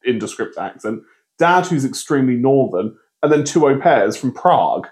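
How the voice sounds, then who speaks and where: Dry, teasing male co-host whose pitch swings a lot, casual podcast banter. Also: very animated, moderate pace, background noise. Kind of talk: casual chat.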